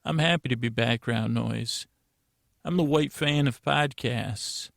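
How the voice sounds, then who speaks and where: A man's voice: mid-range voice, a little slow, creaky, no echo, studio quality. A man hosting a bedtime podcast, rambling and meandering with many restarts. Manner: meandering, self-interrupting, drowsy. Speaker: podcast host.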